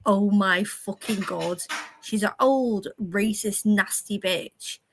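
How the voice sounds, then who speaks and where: A woman swapping stories on a livestream panel, sweary and quick to laugh. Her voice sits at an ordinary middle pitch and gets loud when a story takes off. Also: poor audio. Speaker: streamer panel guest. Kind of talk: casual livestream chat.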